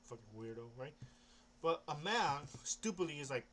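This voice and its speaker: Young guy, casual rambler, slightly higher pitch, faint hiss behind him, lots of false starts. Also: expressive, normal speed. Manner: rambling, hesitant, with many restarts and casual swearing. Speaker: comic book vlogger.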